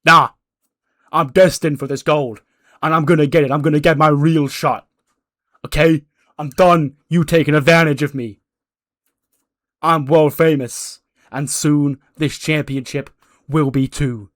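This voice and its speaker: A man's voice: fairly high pitch, steady tone, unhurried, long pauses, a bit bright, dry recording, studio quality. A man voicing a brash male wrestler who boasts and demands his title shot. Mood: defiant. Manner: boastful, defiant.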